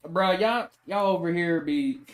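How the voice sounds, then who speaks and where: A man's voice: high-pitched, unhurried. A man streaming casually while he draws, joking with his chat in slangy banter and laughing often.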